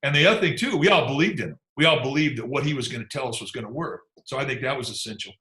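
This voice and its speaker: Bright-voiced man telling old pitching stories. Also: very fast. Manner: laid-back, chuckling, trails off into asides. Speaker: former big league pitcher telling stories. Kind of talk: relaxed anecdotal storytelling. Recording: echoey room.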